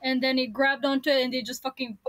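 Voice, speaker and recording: A woman's voice: high-pitched, little pitch movement, fast, fairly bright tone. A young woman, a podcast guest, telling a story bluntly and casually, swearing freely.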